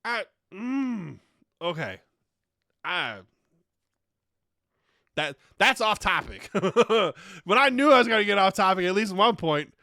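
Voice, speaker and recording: A man hosts his own podcast and works through a profane, exasperated comedic rant. His voice sits high and bright, and it leaps up and down as he rails. The sound is close and dry, with no room echo. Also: slow, pauses often. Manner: heavy swearing, exasperated and animated. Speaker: podcast host.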